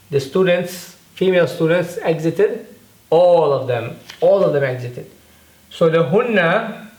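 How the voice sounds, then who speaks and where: A man teaching a grammar lesson in a patient way, often repeating words and checking in with "okay?". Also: fairly high pitch. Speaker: Arabic teacher. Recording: echoey room.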